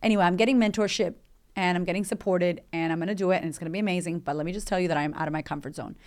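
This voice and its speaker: A woman's voice: on the low side, steady tone, rapid-fire. A woman, hosting a motivational podcast in a candid, emphatic, chatty way with swearing. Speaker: podcast host and coach.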